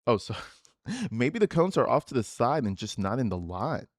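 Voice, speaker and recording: A man's voice: medium pitch, sing-song, normal speed, dry recording. Guy doing a crude sarcastic reaction, dry close sound, mid voice, keeps laughing at stuff. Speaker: online commentator. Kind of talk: reaction commentary reading texts aloud.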